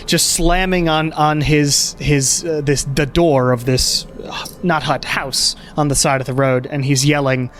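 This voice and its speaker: High-voiced man running a tabletop game. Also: fairly even intonation, slight background noise. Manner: halting, many fillers. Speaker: game master.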